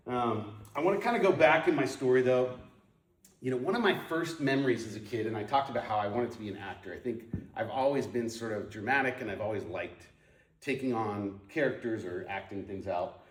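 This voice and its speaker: A man's voice: medium pitch, fairly quick, reverberant, recorded from a distance. A man sharing his personal testimony, storytelling with lots of ums and restarts. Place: moved to Portland in the nineties.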